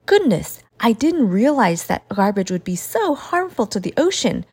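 Woman doing an excitable, squeaky young character. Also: moderate pace, husky, full character voice. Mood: excited. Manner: excited, curious questions. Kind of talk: storybook character voice.

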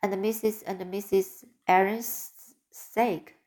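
An earnest young woman speaks gently in a storybook reading, as a woman reader voices her. The delivery is slow and careful, with a middle pitch. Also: steady tone, close to an everyday voice. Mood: listless.

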